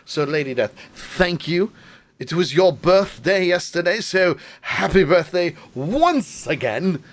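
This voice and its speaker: A man's voice: sits high, animated, slow. A man hosting a live-streamed comedy show, hamming it up with silly put-on voices. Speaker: podcast host.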